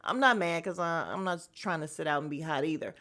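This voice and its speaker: A woman's voice: low voice, fairly quick, pushed and bright. A woman hosting a podcast, recapping a reality show in casual chat, blunt and gossipy with slang and cursing, rambling with plenty of fillers. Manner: chatty and rambling, with frequent fillers.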